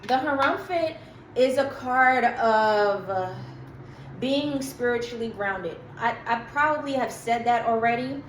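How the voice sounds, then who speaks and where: A woman's voice: on the high side, a little slow, roomy sound, a little hiss or hum, rough recording. A woman giving a casual tarot reading to her viewers, chatty and emphatic, with slangy asides. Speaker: tarot reader.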